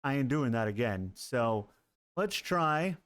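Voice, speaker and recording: A man streaming live gameplay, chatting casually with his viewers, quick to laugh and curse at what happens on screen. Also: mid-range voice, dry recording. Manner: excitable, laughs and swears at the game.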